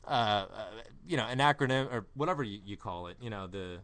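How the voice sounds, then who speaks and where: A man's voice: lowish voice, lively intonation, a little fast, a bit bright. A man hosting a podcast in casual soccer chat, rambling with fillers and putting on an East London accent. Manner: rambling, lots of fillers and restarts. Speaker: podcast host.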